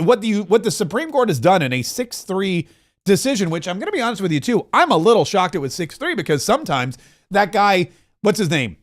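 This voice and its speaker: Male political podcast host, high-pitched, sarcastic and mocking, loose unscripted delivery. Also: sing-song, moderate pace. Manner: sarcastic, mocking asides and quips; loose, restarts mid-sentence. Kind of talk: opinionated political commentary.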